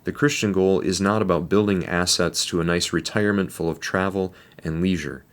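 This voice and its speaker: A man giving a devotional reflection, speaking in a measured, deliberate way and posing rhetorical questions. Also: sits low, steady tone.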